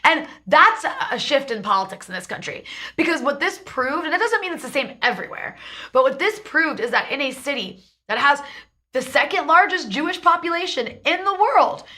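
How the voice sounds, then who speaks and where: A woman's voice: sits high, big pitch swings, brisk, bright, forceful tone. A woman hosting a political talk show, delivering emphatic commentary in long run-on stretches. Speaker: show host.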